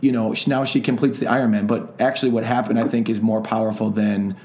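A man hosting an interview, setting up questions in a supportive, measured way. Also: lowish voice, flat delivery, darkish tone, roomy sound, slight background noise. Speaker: host.

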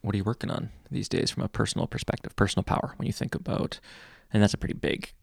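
A male host in his thirties with a heavily gravelly, husky voice asks relaxed, curious questions. His voice sits fairly low and the mic is close and dry. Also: quick pace, dry recording. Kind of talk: conversational interview.

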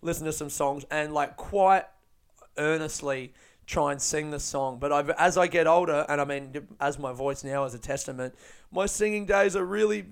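A man hosting a podcast, telling stories in an animated, sweary way and laughing often. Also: on the high side, normal speed, clear, resonant tone. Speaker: podcast host and stand-up comedian. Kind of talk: casual podcast monologue.

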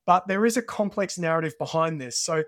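Australian male guest, lively storyteller, slightly higher voice, dry close mic. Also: brisk, no room sound. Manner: animated storyteller. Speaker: podcast guest. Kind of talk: conversational interview.

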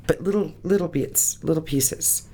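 A woman recounts a deeply personal experience in an interview, speaking earnestly. Her voice wavers with emotion, close to tears, and laughter often breaks through. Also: unhurried, mellow, slightly rough. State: tearing up. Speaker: guest.

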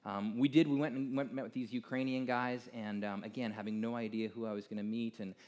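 A middle-aged American man speaking to a gathered audience, his voice sitting at an ordinary pitch for a man. He tells his story in a loose, chatty way, full of "you know" and "like", drifting from lively to softer moments. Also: a little fast. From United States. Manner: casual, animated storytelling with many fillers.

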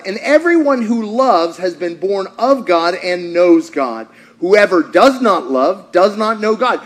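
Male pastor, high voice, animated sermon delivery that jumps from shouting to near-hush, preached in a church. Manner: animated, swings between shouting and hushed.

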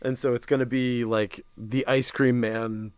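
A man's voice: medium pitch, level tone, measured pace, darkish tone, smooth, dry recording. A man co-hosting a casual chat about comics, talking with enthusiasm. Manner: enthusiastic, laughs easily. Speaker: podcast co-host.

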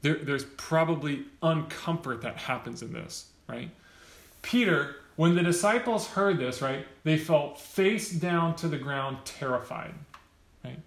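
A man's voice: a little high, unhurried, vocal fry. Conversational man preaching in an echoey church. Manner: conversational, keeps asking "right?". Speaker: pastor. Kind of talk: sermon.

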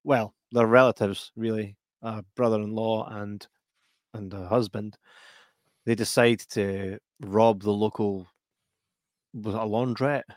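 A man's voice: on the low side, steady tone, a little slow, no echo, studio quality. A man with a Scottish accent co-hosting a casual film review podcast, telling the story in a rambling way, often restarting his sentences. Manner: rambling, self-interrupting storyteller. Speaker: podcast co-host.

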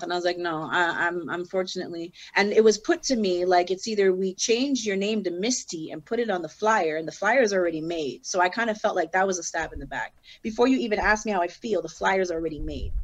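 A woman rapper recounts her early career in a relaxed, conversational way. Her voice sits at an ordinary middle pitch, and she jumps between her own lines and the voices of the people she talks about. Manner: animated, acts out both sides of conversations. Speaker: guest. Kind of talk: casual storytelling.

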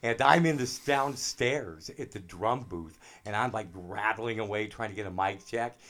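Middle-aged male drummer, low-ish voice, animated casual storyteller. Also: normal speed. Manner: animated anecdotes with laughs. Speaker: drummer guest.

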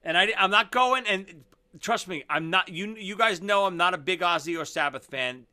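A man with a high voice co-hosts a casual talk show, speaking at a moderate pace in a pushed, bright tone. He's blunt and opinionated and often restarts his sentences mid-thought.

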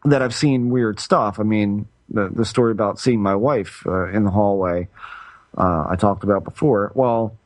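A man's voice: fairly low pitch, moderate pace, no echo. Rambling middle-aged man telling a story. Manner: rambling, self-interrupting storyteller with frequent restarts. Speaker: podcast co-host. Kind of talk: casual chat.

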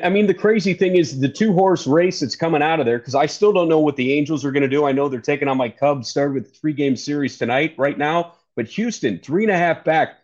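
Brief: male baseball analyst, chatty and self-correcting, somewhat higher pitch, dull audio. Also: a little mellow. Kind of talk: casual sports talk.

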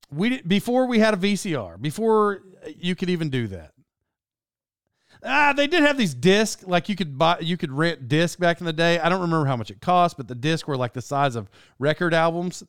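A man in his thirties telling rambling, animated stories in a casual monologue as a podcast host. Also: on the high side, clean tone, dry recording, studio quality. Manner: rambling, animated storytelling with laughs.

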